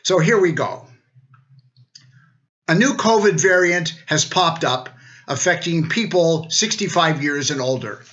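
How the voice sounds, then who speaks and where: A man's voice: fairly high pitch, animated, measured pace, a bit bright, dull audio. An older man, a retired law dean, giving a wry, joking recorded greeting.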